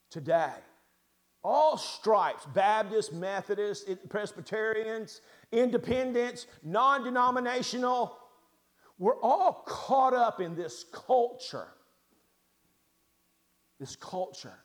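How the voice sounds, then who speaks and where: High-voiced preacher man, swinging between loud and soft. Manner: emphatic, rising to loud stresses and dropping to quiet asides; asks the congregation rhetorical questions. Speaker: pastor. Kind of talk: sermon.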